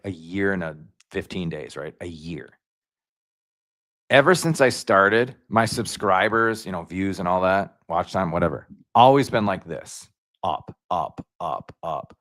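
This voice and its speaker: A man hosting a casual livestream, rambling and slangy, jumping up in pitch when he gets excited. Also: a little slow, no room sound, studio quality. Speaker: YouTube livestream host.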